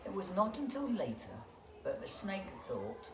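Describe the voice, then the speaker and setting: A school reader telling a bedtime picture-book story with expressive, animated delivery. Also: mid-range voice, unhurried. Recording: echoey room, distant mic, background noise.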